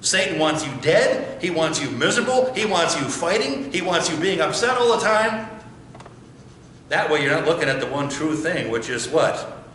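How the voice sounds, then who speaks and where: A man's voice: fairly high pitch, very animated, normal speed, fairly bright tone, slight background noise. A male pastor preaching a sermon emphatically, firing rhetorical questions and repeating phrases for effect. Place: church sanctuary. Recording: very echoey church.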